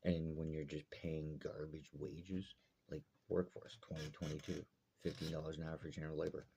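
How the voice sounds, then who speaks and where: A man's voice: extremely low pitch, little pitch movement, moderate pace, mellow, a little hiss or hum. A man from Alberta ranting bluntly and heatedly to camera, swearing often. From Alberta, Canada. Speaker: vlogger. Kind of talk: angry rant to camera.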